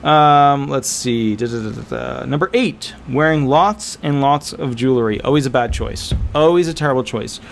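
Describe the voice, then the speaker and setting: A man speaking as a disability attorney, giving casual, animated advice to viewers, emphatic and repetitive with frequent fillers. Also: medium pitch, moderate pace, vocal fry, hardly any pauses, soft background music. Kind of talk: casual advice talk to camera.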